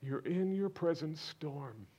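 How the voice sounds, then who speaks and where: A man preaching a sermon, swinging from loud, exclaiming questions to hushed, almost whispered lines. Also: fairly high pitch, expressive, slow. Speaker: pastor.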